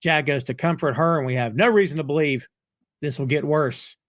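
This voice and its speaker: A man's voice: on the high side, fairly quick, a bit bright, dry recording, studio quality. A man hosting a casual review podcast, retelling scenes in a chatty way with fillers. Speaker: podcast host recapping an episode.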